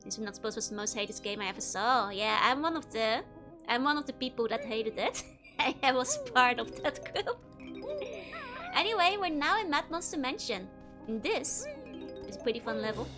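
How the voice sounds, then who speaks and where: A woman's voice: high voice, very animated, moderate pace. A young woman with a Dutch accent, a native Dutch speaker, chatting and giggling through casual gameplay commentary as a streamer and answering her chat. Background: game music.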